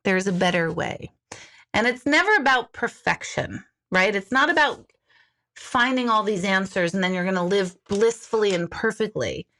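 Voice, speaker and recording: A woman's voice: mid-range voice, animated, moderate pace, bright, forceful tone. Female livestream host; casual, candid and conversational, with the odd swear word. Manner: frank, chatty, swears casually. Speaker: livestream host, intuitive coach. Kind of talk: casual live-stream chat.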